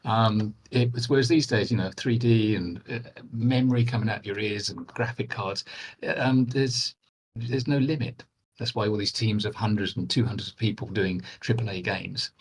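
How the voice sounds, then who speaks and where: An older man talks as a guest about making games, in a husky and somewhat breathy voice. His speech is full of fillers, stammered restarts and trailing thoughts. He sits a little low in pitch and sounds relaxed and casual. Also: moderate pace. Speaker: veteran game developer, guest. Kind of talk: casual interview chat.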